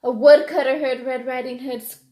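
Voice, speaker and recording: High-voiced woman reading a picture book aloud. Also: moderate pace, echoey room. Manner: expressive, asks listeners questions. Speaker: reader to children.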